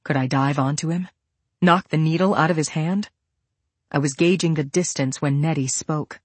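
A woman reading a first-person thriller audiobook in a steady, measured way. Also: low-pitched, slightly rough, dry recording. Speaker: audiobook narrator.

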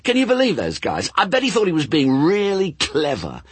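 Man voicing a sardonic demon, snappy and sarcastic, pitch leaps around, slightly husky, storybook reading. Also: wildly swooping pitch, normal speed, no room sound, full character voice. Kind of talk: audiobook character voice.

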